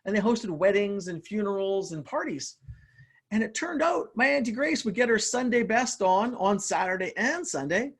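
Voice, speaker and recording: A man giving an energetic motivational talk over a video call, often repeating words and addressing the listeners directly. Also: sits high, moderate pace, husky. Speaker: motivational speaker and author. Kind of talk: live online motivational talk.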